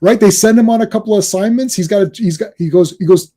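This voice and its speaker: A man talking excitedly about a film in a casual podcast chat, quoting and acting out its scenes. His voice sits high for a man and sounds husky and mellow. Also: quick pace, hardly any pauses. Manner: excited, acts out film lines. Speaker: podcast host. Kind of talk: casual movie discussion.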